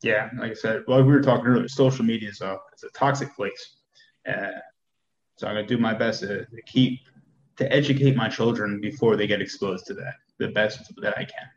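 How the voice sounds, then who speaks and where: Candid low-voiced army man in his thirties, repeats himself as he talks, dull echoey room sound. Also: steady tone, fairly quick, slight background noise. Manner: candid, repeats words while thinking. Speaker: soldier guest. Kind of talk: casual conversation.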